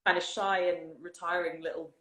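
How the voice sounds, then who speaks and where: An English woman with a slightly low voice chats with an old friend, quick and laughing often. Her voice rings in an echoey room at home. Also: fairly even intonation, a bit bright. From England. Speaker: guest. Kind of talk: casual chat. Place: home in the countryside.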